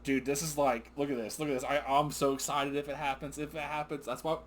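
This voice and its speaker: Talking fast in a voice on the high side, a middle-aged man goes over wrestling with his son as co-host of their recap show. He's excitable and rambling, frequently sidetracked and laughing through the casual chat.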